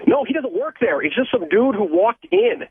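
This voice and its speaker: A male caller from Ohio on a tinny, dry phone line. His voice is high, husky and lively in pitch as he tells an agitated, profane story. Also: normal speed, dry recording.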